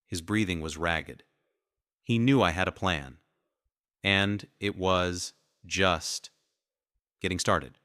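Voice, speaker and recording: A man's voice: low-pitched, slow, pauses often, bright, forceful tone, clear, resonant tone, no room sound, studio quality. A man narrating a first-person revenge story in a cold, menacing manner.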